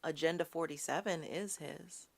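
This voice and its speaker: A woman's voice: low voice, normal speed, creaky, slightly rough. A woman hosting a live political talk show, ranting with passion, calling her viewers y'all and sassily mocking the people she quotes. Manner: impassioned, ranting, addresses audience as y'all; quotes and mocks opponents in a sassy tone. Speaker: host.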